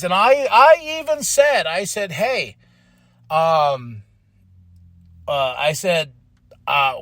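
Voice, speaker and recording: A man with a fairly high voice talks through a casual podcast recap. He sounds emotional and rambles, restarting his sentences often, and the recording is dry and close. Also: a bit bright, no room sound. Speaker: podcast host.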